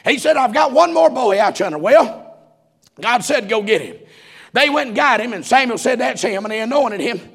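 High, gravelly preacher shouting. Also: male voice, lively intonation, normal speed. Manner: shouting, rhythmic preaching cadence with folksy asides. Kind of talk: sermon.

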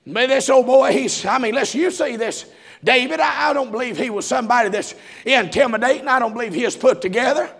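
A man preaching a sermon in a shouting, rhythmic cadence with folksy asides. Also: very high-pitched, a little fast, creaky.

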